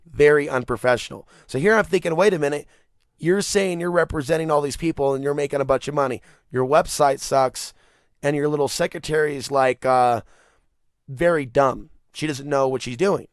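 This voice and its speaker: A male podcast host delivering a rambling, animated solo rant, swearing freely and breaking into laughter. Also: fairly high pitch, moderate pace, no echo, studio quality. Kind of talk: casual monologue rant.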